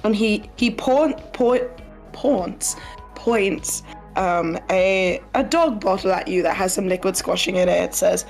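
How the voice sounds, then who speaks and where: A woman running a tabletop game, describing places and characters in a measured narrating voice at a middling pitch. Soft music plays under her. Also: low-quality recording. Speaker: game master.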